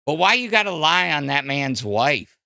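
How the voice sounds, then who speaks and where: A man's voice: a little high, very animated, moderate pace, vocal fry, bright, forceful tone, dry recording, clean studio sound. A man hosting a podcast, ranting casually with lots of profanity, fillers and restarts. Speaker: podcast host. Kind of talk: casual crude podcast rant.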